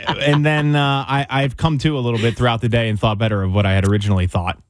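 A man's voice: medium pitch, fairly even intonation, quick pace, dry recording. A young man chats on a radio show and tells a story, acting out his own half-asleep reactions. His voice sits in a middle range, recorded close and dry in a studio. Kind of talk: casual storytelling chat.

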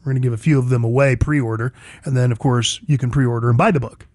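A man's voice: mid-range voice, fairly even intonation, fast talker, a little mellow, no room sound, clean studio sound. A man hosting a talk radio show, delivering an emphatic, opinionated monologue full of repetition.

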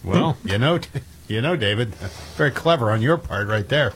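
A man's voice: medium pitch, lively intonation, normal speed, fairly bright tone, slight background noise. A man hosting a talk radio show, casually reading news stories and chatting with some hesitations.

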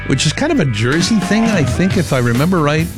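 A man's voice: on the high side, very animated, brisk, music in the background. A middle-aged man from Massachusetts with a New England accent, hosting casual radio chat in a rambling, self-correcting way. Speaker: radio host.

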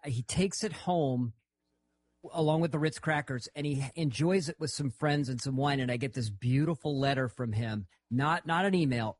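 A man's voice: medium pitch, dry recording. A man co-hosting a casual talk show, telling an anecdote at an easy pace. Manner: relaxed anecdotal storyteller.

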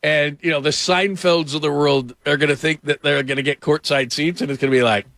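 A man's voice: on the high side, fairly even intonation, fairly quick, vocal fry, a bit bright, dry recording. A man hosting a sports radio show, telling rambling anecdotes full of fillers into a studio microphone.

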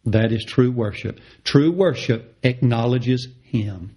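A middle-aged male preacher delivers a sermon at an unhurried pace, leaning hard on repeated phrases. His voice is gravelly and a little husky, and it jumps upward in pitch whenever he drives a point home. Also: mellow. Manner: impassioned, repeats phrases for emphasis, rises sharply in pitch on key words.

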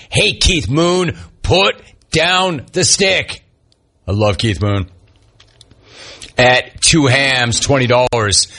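A man's voice: medium pitch, pushed and bright. A man hosting a sports talk show, reading listener messages aloud and wisecracking about each one.

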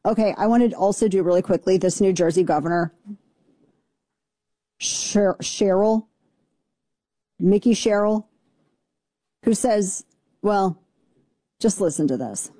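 A woman's voice: mid-range voice, measured pace, pauses often, mellow, no echo. A woman hosting a talk radio show, ranting in a brash, sarcastic, mocking way. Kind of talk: opinionated talk radio rant.

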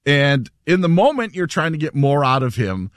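A man's voice: on the high side, big pitch swings, normal speed, no room sound, clean studio sound. A man hosting a casual radio show, telling stories animatedly and laughing as he talks. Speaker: radio host.

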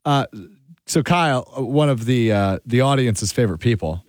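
A man's voice: medium pitch, expressive, moderate pace, darkish tone. A man co-hosting sports radio, telling stories with amusement. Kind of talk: casual sports talk banter.

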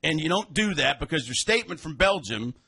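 A man's voice: fairly high pitch, sing-song, a little fast, creaky, pushed and bright, slightly rough. A man co-hosting a casual sports talk show, wisecracking and laughing often.

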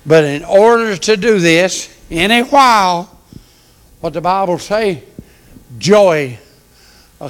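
An older man with a high, fairly bright voice preaches a folksy, homespun sermon, chuckling between phrases. He's in a church sanctuary, and the recording carries the long reverb of a church hall.

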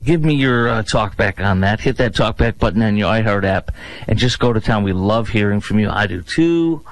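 A man filling in as a talk radio host, giving sarcastic, mocking political commentary with exaggerated swings in pitch. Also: expressive, moderate pace, poor audio.

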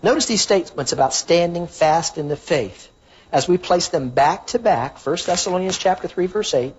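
A man's voice: high voice, animated, normal speed, a little hiss or hum. A man preaching a sermon, earnestly teaching from the Bible and citing chapter and verse. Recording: dull lo-fi recording.

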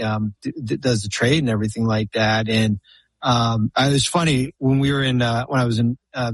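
A man with a husky, slightly rough voice recorded close and dry, with no room sound around him. He tells long anecdotes in casual chat on a podcast, doubling back and restarting his sentences as he goes. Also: medium pitch, dry recording. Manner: rambling anecdotes full of restarts and fillers. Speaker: podcast guest, former basketball executive.

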